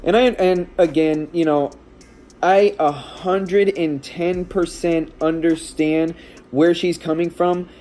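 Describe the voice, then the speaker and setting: Speaking slowly in a fairly high, steady, slightly mellow voice, the vlogger stepdad relates a personal experience. He's emotional and shaken, and his account meanders, with many fillers and false starts.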